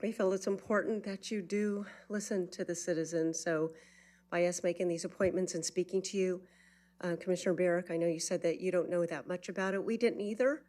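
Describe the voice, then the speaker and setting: A woman's voice: fairly low pitch, steady tone, a little fast, a little mellow. A woman out of breath giving an earnest, urgent public comment at a county meeting. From Florida, USA.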